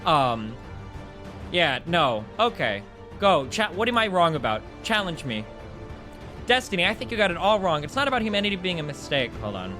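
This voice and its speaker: A young man with a high voice that swings widely in pitch tears into a film during a live stream. He talks heatedly, swearing freely and restarting his sentences as he vents. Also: big pitch swings, moderate pace, bright, forceful tone, soft background music. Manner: profane, heated, ranting. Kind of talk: live stream movie rant.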